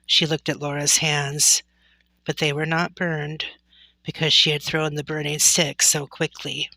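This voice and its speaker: A woman reading a chapter book aloud, slow and even. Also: sits low, gravelly, no room sound. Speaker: storybook reader. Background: faint music.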